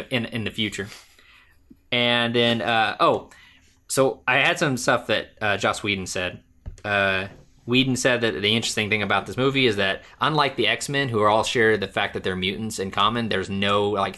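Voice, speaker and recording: A man co-hosting a podcast, talking casually and animatedly, with rambling restarts and quick laughs. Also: fairly low pitch, sharp tone. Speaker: podcast co-host. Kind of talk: casual movie discussion.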